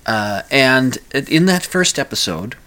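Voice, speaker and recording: Middle-aged man with a Minnesota accent, radio talk host, mid-pitched, rambling and casual. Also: sing-song, takes it slowly, pushed and bright. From Minnesota, USA. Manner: rambling, many fillers and restarts.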